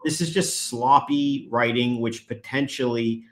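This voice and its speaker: A man's voice: mid-range voice, fairly even intonation, a little slow, a bit bright. A man, a guest attorney, explaining legal procedure in conversation and growing emphatic when he presses a point.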